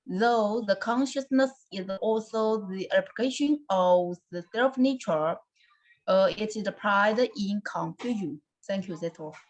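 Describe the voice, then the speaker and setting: A woman student reviews her lesson slowly and carefully in a mid-pitched voice. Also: poor audio.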